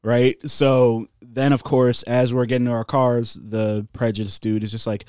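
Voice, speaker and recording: A man's voice: medium pitch, normal speed, few pauses, a little mellow, smooth, dry recording, clean studio sound. A man casually telling a long story on a podcast, swearing and laughing along as he goes. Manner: laid-back storyteller, swears, laughs at his own stories. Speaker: podcast co-host.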